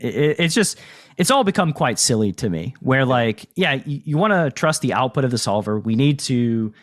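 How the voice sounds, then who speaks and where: A man's voice: medium pitch, animated, normal speed. A man hosting a podcast in casual conversation about poker, talking loosely with lots of fillers and the odd swear word. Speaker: podcast host and poker coach.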